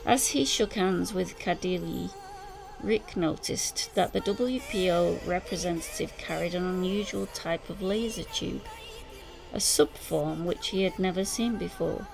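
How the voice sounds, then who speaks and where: A woman reading an audiobook in measured, scripted narration. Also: lowish voice, vocal fry, poor audio. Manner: slow, measured reading with voiced dialogue. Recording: music bed under narration.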